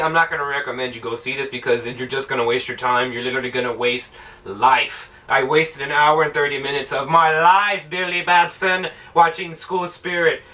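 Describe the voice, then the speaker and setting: A young man rambles through a film review with lots of profanity and sarcasm. His voice is high and bright. He sounds a little far from the microphone. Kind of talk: casual film review rant.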